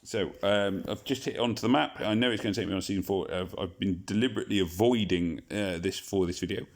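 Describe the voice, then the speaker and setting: A man's voice: low voice, fast talker. A man hosting a casual gaming video, rambling and joking at his own expense. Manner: rambling, jokey, self-deprecating. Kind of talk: casual game commentary.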